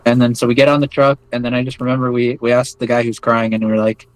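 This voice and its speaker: A man's voice: mid-range voice, level tone, fast talker, dry recording, rough recording. A man with an American accent telling a long story as an interview guest, casual and rambling, full of fillers and restarts. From United States. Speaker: interview guest recounting experiences.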